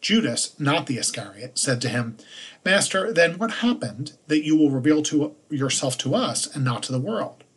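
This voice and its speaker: A man, a priest, reading the day's scripture passages aloud in a measured liturgical manner. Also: a little high, lively intonation, husky.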